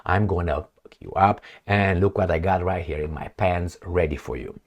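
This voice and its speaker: A menacing, strong man murmuring threats low and quietly, as a male commentator acts him out. The voice drops well below his usual register. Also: normal speed.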